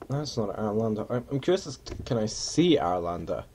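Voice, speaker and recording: A man's voice: on the low side, very animated, brisk, darkish tone, slight background noise. A man giving casual, rambling commentary while playing a flight simulator. He mutters and mocks himself, and now and then slips into mock pilot announcements.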